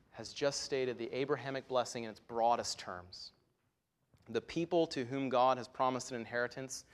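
Earnest male preacher with rising emphasis. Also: mid-range voice. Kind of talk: sermon.

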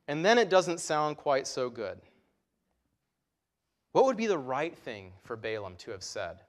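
A man's voice: a little high, big pitch swings, moderate pace. Earnest male preacher with rising emphasis. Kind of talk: sermon.

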